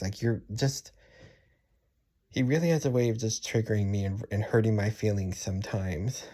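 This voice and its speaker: A man's voice: lowish voice, fairly even intonation, warm tone. Young adult male vlogger, venting monologue, sighs often, restarts sentences, frustrated and worn down. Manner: frustrated, sighing, halting and repetitive. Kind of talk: personal venting vlog.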